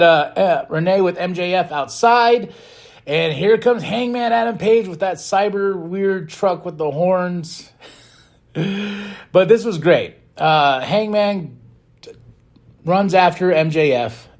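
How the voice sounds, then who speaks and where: A fairly high-voiced man hosts his podcast with a casual, rambling recap. His pitch swings widely as he gets excited, and he laughs easily between points. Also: vocal fry. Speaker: podcast host. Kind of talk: casual wrestling show recap.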